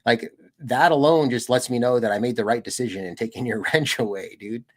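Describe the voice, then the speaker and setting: A relaxed young man from the United States chatting on his stream. He rambles loosely from story to story, tossing in "dude" and little laughs. His voice sits at a middle pitch for a man. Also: a little fast. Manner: rambling, laid-back, peppered with "dude" and laughs. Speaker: streamer and channel host. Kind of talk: casual livestream chat.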